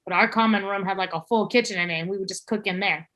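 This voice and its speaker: A young adult woman, a chef guest on a podcast, telling a story in animated casual talk and swearing freely. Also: mid-range voice, fast talker.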